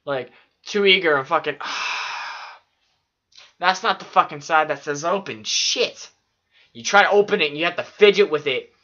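A man's voice: on the high side, measured pace, pushed and bright, lo-fi sound. A man telling profane, rambling stories from childhood in a casual vlog. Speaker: vlogger. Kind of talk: casual storytelling.

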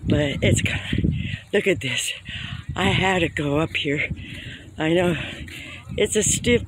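A man vlogging casually while hiking up a steep hill, excited and out of breath. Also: fairly high pitch, a little slow. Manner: excited, exclaiming often. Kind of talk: casual walking vlog. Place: outdoors on a steep hillside. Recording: outdoor wind and ambient noise. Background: birds and open-air noise.

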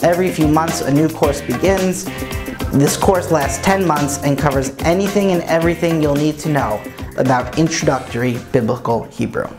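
A man's voice: on the high side, normal speed, over music. A man teaching a lesson, patiently explaining pronunciation step by step. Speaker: Hebrew teacher.

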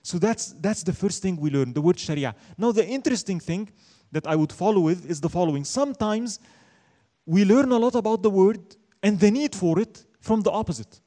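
Emphatic, high-voiced male religion teacher. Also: animated, warm tone. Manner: emphatic, asks and answers his own questions; recites Arabic verses quickly. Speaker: Islamic studies teacher. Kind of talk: classroom lecture.

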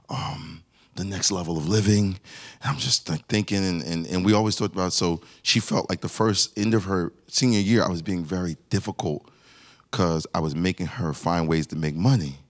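Lively preaching pastor, a man. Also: low-pitched. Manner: lively, addresses the congregation directly, rising to near-shouts. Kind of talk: conversational sermon with storytelling. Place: church sanctuary.

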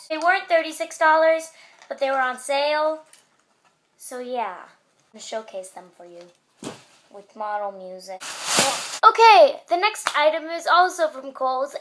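Teen girl vlogger, high voice, slow unhurried delivery, jokey self-mocking asides. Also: fairly bright tone. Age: teens. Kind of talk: casual haul video.

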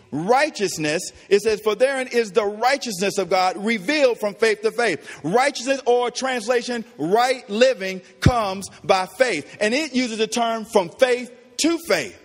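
Pastor preaching, high voice, goes quiet then loud, long church reverb. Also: male voice, animated, a little slow, soft background music. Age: middle-aged. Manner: preaching with swings between soft and loud; casual asides to the congregation. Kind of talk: sermon.

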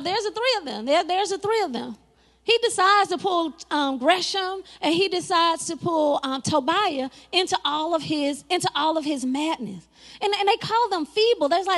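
A woman pastor preaching a sermon, lively and dramatic, with laughs and spoken asides. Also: extremely high pitch.

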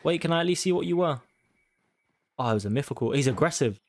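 A man's voice: on the high side, animated, fast, pauses often. Sweary young gamer man. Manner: loud, sweary taunting at game animals. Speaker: gaming YouTuber. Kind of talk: casual gameplay commentary.

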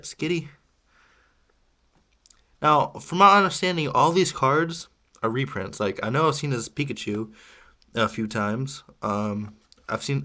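A man's voice: medium pitch, pushed and bright. A man chatting casually as he opens toy packs for a video, rambling and joking at his own expense. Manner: rambling, chatty, self-deprecating with small laughs. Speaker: toy unboxing vlogger. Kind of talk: casual unboxing chat.

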